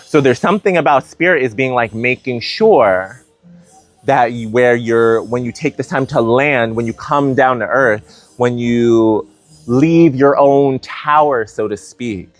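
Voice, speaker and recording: A man giving a casual spiritual tarot reading, animated and playful, thinking aloud with lots of "like" and "you know". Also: mid-range voice. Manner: animated, playful, many fillers like "like". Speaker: tarot reader.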